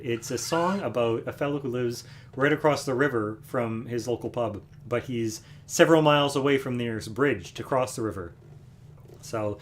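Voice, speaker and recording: A man hosting a music livestream from home, casually explaining a song between numbers, relaxed and rambling with fillers. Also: medium pitch, slight background noise. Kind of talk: casual chat between songs. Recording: guitar playing loudly behind.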